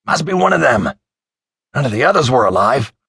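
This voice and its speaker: A man's voice: low voice, sing-song, moderate pace, creaky, fairly bright tone, slightly rough, no echo, clean studio sound, exaggerated voice. A male narrator voicing a blunt, grumbling thirty-year-old man. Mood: alarmed.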